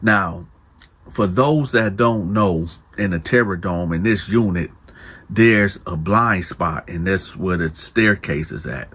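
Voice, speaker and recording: A man from Flint, hosting a show, telling a prison story in an animated, conversational way and acting out the dialogue. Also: low voice, takes it slowly, slightly rough. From Flint, Michigan. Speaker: host.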